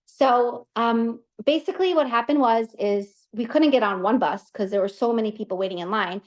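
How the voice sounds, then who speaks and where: A woman in her thirties, hosting an online class and telling a personal story in a lively, chatty way full of asides. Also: on the high side, normal speed. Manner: animated, chatty, many fillers and asides. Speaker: class host.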